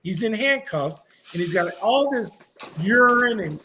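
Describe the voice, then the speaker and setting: Man, middle-aged, high voice, animated storyteller, blunt, former prison officer. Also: unhurried, slight background noise. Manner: vivid, blunt anecdotes with frequent restarts.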